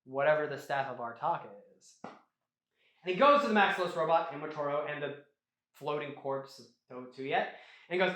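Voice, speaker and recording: High-voiced man recapping lore animatedly. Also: moderate pace. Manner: animated, rambling, swears, laughs often. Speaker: host. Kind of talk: casual storytelling lore recap. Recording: roomy echo.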